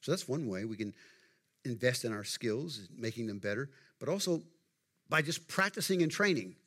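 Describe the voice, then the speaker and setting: A man's voice: medium pitch, expressive, moderate pace, pushed and bright, breathy edge. A middle-aged man preaching a sermon to his congregation in a folksy, conversational way, asking them questions as he goes. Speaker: pastor.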